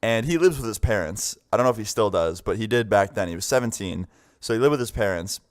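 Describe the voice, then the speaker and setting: A man's voice: fairly low pitch, animated, fast talker. A young man casually telling a story to his viewers, rambling with many fillers and acting out the people in it. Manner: rambling, many "like" fillers, acts out quoted voices. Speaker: vlogger telling a story time.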